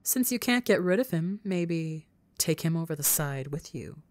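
A woman doing a hushed sinister spirit. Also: low voice, lively intonation, normal speed, no echo. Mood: coaxing. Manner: hushed, syrupy whisper in the ear. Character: sinister female spirit, soft and coaxing. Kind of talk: whispered role-play.

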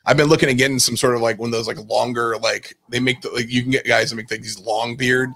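A man from California speaks as a guest in a casual interview over a video call. He talks fast, rambling with lots of fillers along the way. His pitch sits in a middle range. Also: fairly even intonation, bright, forceful tone, no room sound. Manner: quick, rambling, many fillers like "uh" and "like". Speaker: guest, event creator.

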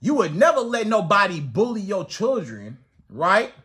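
A man coaching women on dating in an animated advice monologue, his high voice leaping up and down as he stresses each point. He talks emphatically and hammers his message home with repeated rhetorical questions. His tone is bright and forceful. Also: moderate pace. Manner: animated, swings into acted outbursts.

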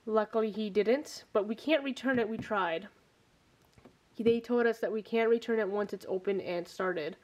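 This young woman, in her twenties, has a medium-pitched, slightly mellow voice at normal speed. Out of breath, she vlogs casually at home into a handheld camera mic, rambling and frequently starting over.

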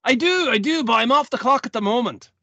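Guy doing a chatty dwarf, gravelly bright voice, dry sound, kinda stumbling. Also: very high voice, animated, brisk, dry recording, exaggerated voice. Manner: hesitant, stumbling over words. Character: sociable secretive male dwarf traveller.

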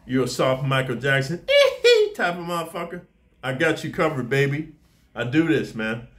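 A man's voice: mid-range voice, sing-song, moderate pace, fairly bright tone. A man giving a casual, profane monologue to camera in boastful street talk, speaking as a martial arts teacher.

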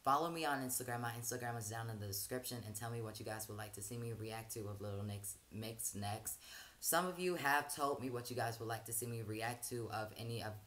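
A man's voice: mid-range voice, a little fast, a little hiss or hum. Rambling casual male reaction vlogger. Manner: loose and rambling, frequent "um" fillers and soft laughs. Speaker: reaction channel host. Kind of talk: casual reaction vlog chat.

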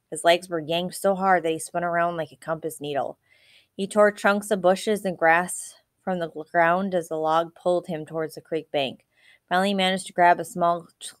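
A woman reading a novel aloud in a steady, even storytelling manner. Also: lowish voice, no room sound, studio quality. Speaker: audiobook reader.

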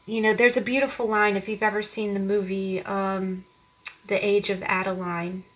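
A woman's voice: medium pitch, flat delivery, normal speed, fairly bright tone, poor audio. Woman tarot reader, casual earnest delivery with frequent restarts. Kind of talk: casual tarot reading to viewers.

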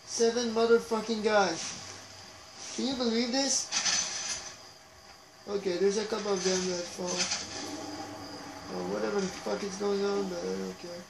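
A man giving profane, excitable live commentary over his gameplay, trash-talking the players he beats. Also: sits high, measured pace, gravelly, long pauses. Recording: roomy, noisy home recording.

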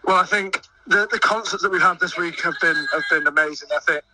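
A young man who sings in a choir and volunteers at a festival, talking excitedly in a radio interview and often stumbling over his words. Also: high voice, a little fast, recorded from a distance, background noise. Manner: eager, stumbling restarts. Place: busy outdoor festival field.

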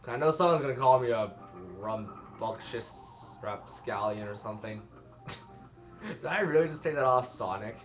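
A man's voice: mid-range voice, lively intonation, a little fast. A young man giving rambling, self-mocking let's-play commentary and laughing at his own jokes. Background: game music.

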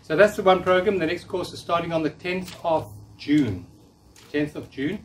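Guy in his fifties leading a workshop crowd, voice kinda high, mic far off with faint hiss. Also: normal speed. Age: 50s. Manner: warm, coaching, repeats key phrases. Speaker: workshop speaker. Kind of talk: live talk to an audience. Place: meeting room with audience. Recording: distant room mic with faint noise.

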